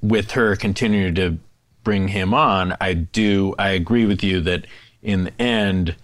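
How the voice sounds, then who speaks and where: A man's voice: deep voice, a little slow, no echo. A man from San Francisco co-hosting a casual chat, hesitant with many fillers and repeats. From San Francisco, USA. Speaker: podcast co-host.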